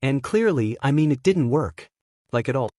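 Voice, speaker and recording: A man's voice: mid-range voice, expressive, normal speed, dark tone, no room sound, clean studio sound, natural voice. A man voicing a chatty, bumbling male robot sphere in a fanfiction reading, with self-mocking rambling.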